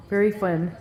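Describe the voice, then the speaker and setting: A woman's voice: medium pitch, mellow. Cooing woman talking baby talk to a pet. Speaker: pet bird owner. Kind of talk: casual home video talking to her pet.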